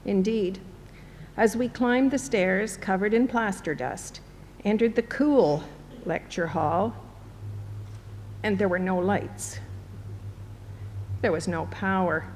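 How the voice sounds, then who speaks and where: A woman in her seventies from Canada, giving a measured, reflective formal speech as a university chancellor in a large hall. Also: a little mellow. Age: 70s. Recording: long hall reverb, faint rumble.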